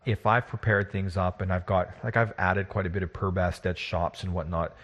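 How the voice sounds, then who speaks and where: Man, game master type, husky and fairly low, loose rambling podcast chat. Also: flat delivery, moderate pace, fairly bright tone, lo-fi sound. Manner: rambling, restarts often, laughs while talking. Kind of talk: casual chat.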